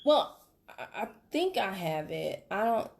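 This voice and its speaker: A woman's voice: mid-range voice, very animated, unhurried, vocal fry, darkish tone. A woman playing a busy working mom customer who hesitates and rambles through a sales call role-play. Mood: distracted.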